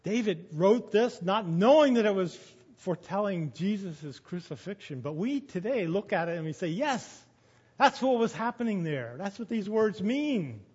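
A man with a high voice preaches a sermon, dropping quiet and then rising loud when he quotes scripture. The recording is dull and muffled, with a long reverb trailing through a church hall. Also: lively intonation, normal speed, slightly rough.

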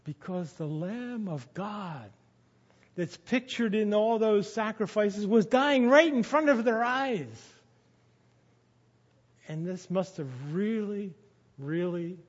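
A man with a high voice preaches a sermon, dropping quiet and then rising loud when he quotes scripture. The recording is dull and muffled, with a long reverb trailing through a church hall. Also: breathy edge.

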